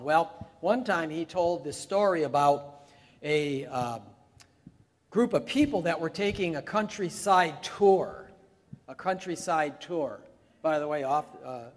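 A man preaching a sermon, talking conversationally and rising to emphatic peaks. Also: a little high. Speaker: pastor. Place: church sanctuary. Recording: long hall reverb in a church.

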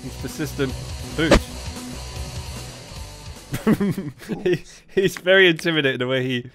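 Over game music, a man with a slightly high voice speaks at an unhurried pace, narrating a horror game that keeps making him jump. He's a gaming YouTuber who reads the game's text out loud and reacts with laughter and curses.

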